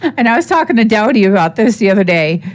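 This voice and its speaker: A woman's voice: mid-range voice, sing-song, fast talker. Tired woman chatting on a live stream. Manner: rambling, reads chat aloud, laughs often. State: tired after work. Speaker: livestream host. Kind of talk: casual live-stream chat.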